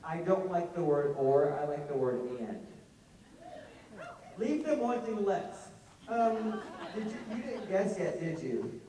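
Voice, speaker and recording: A man with a Southern accent telling rambling, self-mocking stories as a convention panel guest, full of animated asides. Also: a little high, unhurried. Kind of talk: casual storytelling to an audience. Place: large convention hall. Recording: echoey hall, heard from far off.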